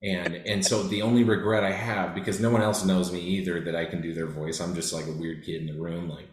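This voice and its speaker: Guy in his 30s rambling on a podcast, deep-ish voice, roomy echo. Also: flat delivery, brisk. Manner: rambling, joking, lots of fillers. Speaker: podcast co-host. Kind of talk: casual chat.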